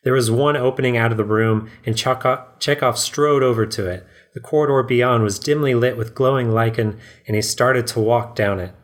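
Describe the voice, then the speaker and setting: A man hosting a podcast, reading a story aloud with steady pacing and chuckling between passages. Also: medium pitch, moderate pace, few pauses. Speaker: host, narrator.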